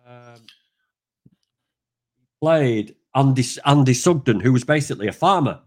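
A man's voice: mid-range voice, lively intonation, a little slow, darkish tone. An older man hosting a podcast over a video call, chatting casually, rambling and joking with lots of ums. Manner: rambling, joking, self-deprecating, with many fillers. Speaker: podcast host, truck driver.

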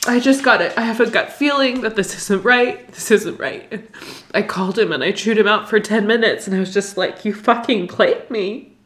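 A young woman telling an emotional personal story, halting and distressed, full of fillers and restarts. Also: medium pitch, a bit bright. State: distressed, near tears.

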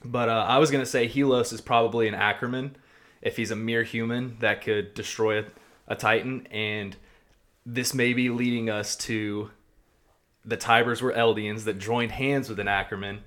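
A man co-hosting a podcast in casual chat, spinning excited fan theories in a blunt, profane way. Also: mid-range voice, normal speed. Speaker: podcast co-host.

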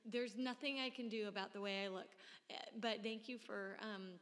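A woman telling a story in casual chat, animated and self-mocking, laughing often. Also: medium pitch, normal speed. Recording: long hall reverb.

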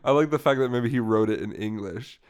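A man's voice: medium pitch, a little fast, clear, resonant tone. A young man co-hosting a casual chat, playful and teasing, chuckling as he asks questions. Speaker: co-host.

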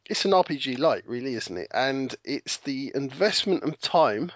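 A man's voice: medium pitch, expressive, moderate pace, dry recording. A man co-hosting a podcast about games, chatting casually and musing aloud. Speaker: co-host. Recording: dull lo-fi podcast audio.

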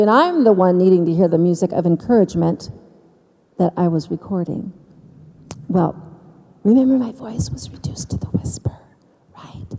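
A woman telling her personal faith story to an audience, with dramatic pauses and emphasis. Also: medium pitch, dark tone, big-room sound. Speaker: speaker giving faith testimony. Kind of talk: personal testimony speech.

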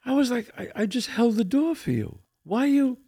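An older man hosts a podcast in a very high-pitched, gravelly and slightly rough voice at a moderate pace. He chats casually as an animated, streetwise storyteller with an old-school flavor, often repeating his words.

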